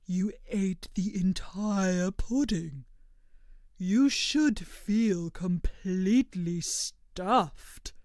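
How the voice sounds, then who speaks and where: Woman reader voicing a very slow, dark-toned, polite storybook creature. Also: mid-range voice, dry recording, studio quality. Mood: concerned. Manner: slow, measured and proper. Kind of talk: storybook character reading.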